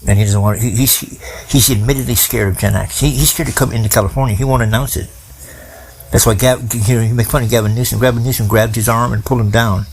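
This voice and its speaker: A man's voice: medium pitch, fairly even intonation, quick pace, a little hiss or hum. A man in his forties delivering a profane, rambling political rant in casual streetwise slang. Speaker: commentator.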